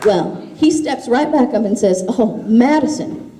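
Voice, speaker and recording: A woman's voice: on the high side, lively intonation, normal speed, noisy background. A woman giving an impassioned grassroots speech, telling stories with emphatic force. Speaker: grassroots activist speaker. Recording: echoey hall.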